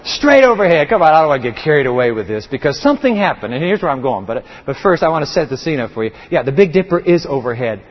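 A man's voice: a little high, big pitch swings, fast talker, few pauses. A middle-aged male pastor preaching an impassioned sermon, often repeating words and restarting sentences. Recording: reverberant, dull lo-fi sound.

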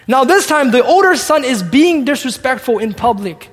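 A man's voice: extremely high pitch, animated, moderate pace, hardly any pauses, slightly rough, big-room sound. A man preaching a sermon, reading scripture aloud and acting out its dialogue. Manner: expository, reads scripture and acts out the dialogue.

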